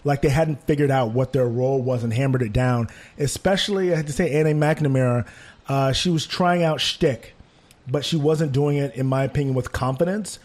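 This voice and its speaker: A man in casual conversation, critiquing a theater production with animated asides. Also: mid-range voice, moderate pace. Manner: animated, mimics voices when quoting. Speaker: theater reviewer.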